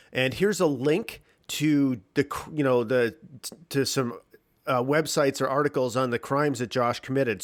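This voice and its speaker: A man hosting his podcast alone from his home basement, talking candidly with a morning voice, clearing his throat, swearing and restarting sentences. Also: fairly high pitch. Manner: candid, rambling, swears freely, frequent restarts. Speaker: podcast host. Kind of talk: casual solo podcast monologue.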